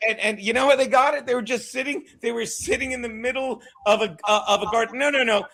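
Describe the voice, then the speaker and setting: A man hosting a casual political chat show, loud and emphatic, joking and shouting his punchlines. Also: very high-pitched, fairly even intonation, quick pace, creaky, a crowd in the background. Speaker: podcast host.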